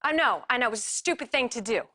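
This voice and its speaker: Vicky, a guilt-torn wife. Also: female voice, fairly high pitch, lively intonation, rapid-fire, bright, forceful tone. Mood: furious, hurt. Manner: emotional, pleading, raw. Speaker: soap opera wife. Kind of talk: TV drama acting.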